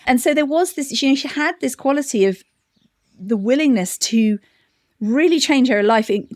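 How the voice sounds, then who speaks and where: A middle-aged woman giving a thoughtful interview answer, often restarting and laughing softly. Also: on the high side, no echo, clean studio sound. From United Kingdom. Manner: reflective, many restarts and soft laughs. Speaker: interview guest, campaign director. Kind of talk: conversational interview.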